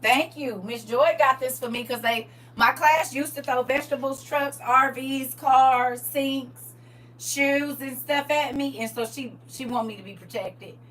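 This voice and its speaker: A woman hosting a live-streamed Bible study, preaching in a lively, playful way and answering viewers' comments. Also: high-pitched, measured pace.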